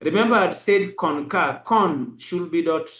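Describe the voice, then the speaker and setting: Male teacher, slow careful delivery, spells letters and dots aloud, roomy lo-fi recording. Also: fairly high pitch, animated, a bit bright. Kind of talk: braille lesson. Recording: echoey dull lo-fi room.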